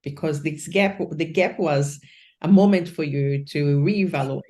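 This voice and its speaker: Low-voiced host. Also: female voice. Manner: gentle, slightly halting questions with non-native grammar. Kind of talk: casual interview chat.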